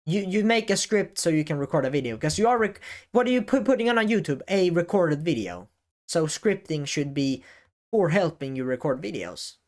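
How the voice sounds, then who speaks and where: A man talking to the camera in a casual advice vlog, often halting and correcting himself as he goes. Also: fairly high pitch, sing-song. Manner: halting, self-correcting, varies emphasis. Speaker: YouTube creator. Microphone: camera facing speaker.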